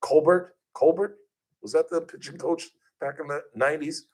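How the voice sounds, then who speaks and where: Animated male radio talk host. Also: a little fast. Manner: animated, acts out quoted voices with big pitch jumps. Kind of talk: casual radio storytelling.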